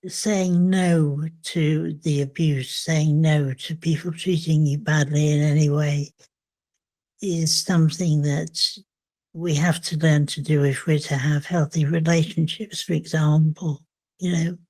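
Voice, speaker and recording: An older woman, a memoir author, speaking reflectively in an interview, thoughtful and hesitant with frequent pauses. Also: deep voice, steady tone, dark tone.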